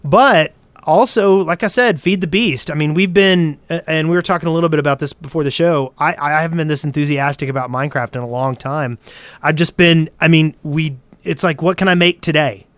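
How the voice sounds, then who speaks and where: Man, podcast host, enthusiastic, smooth voice, slightly higher pitch. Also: fairly quick, a bit bright, dry recording. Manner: enthusiastic about games. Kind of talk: casual podcast chat.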